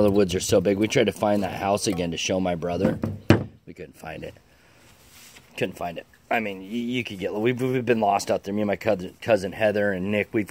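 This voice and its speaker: A man telling a rambling, profane story in a casual vlog, full of fillers and swearing. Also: low voice. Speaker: storyteller vlogger.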